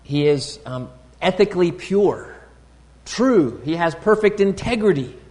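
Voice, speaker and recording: A man delivers a sermon in a measured, teaching manner, stopping to search for words. His voice sits a bit high for a man. The sound rings with the long reverb of a large hall. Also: expressive, a little mellow. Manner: deliberate, teaching tone with pauses and fillers. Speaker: preacher.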